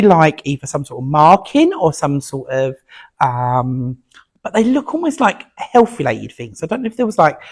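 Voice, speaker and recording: Male medium, chatty and halting with fillers, animated, slightly high voice. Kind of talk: platform mediumship demonstration. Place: spiritualist centre meeting room before an audience.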